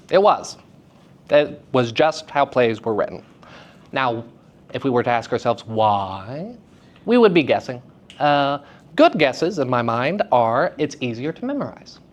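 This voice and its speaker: A man teaching young actors in a lively, playful lecture, joking with the students. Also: fairly high pitch. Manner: lively, playful, jokes with audience. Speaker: theater teacher. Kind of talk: lecture to high school students. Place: school hall with audience.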